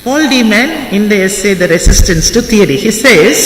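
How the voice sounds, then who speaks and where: A man's voice: high voice, lively intonation, normal speed, hardly any pauses, fairly bright tone, a little hiss or hum. A man giving a classroom lecture on literary theory, repeating phrases and spelling out words for his students. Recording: echoey hall, voice from far off, faint ambience.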